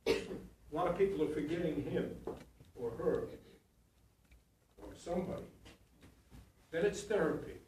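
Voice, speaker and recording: Guy coaching actors, blunt and frank, a bit high voice, far off the mic in a very echoey room. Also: measured pace, long pauses, darkish tone, a little hiss or hum. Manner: frank, blunt and coaching, with frequent restarts and "you know". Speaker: acting teacher. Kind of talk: giving notes to acting students.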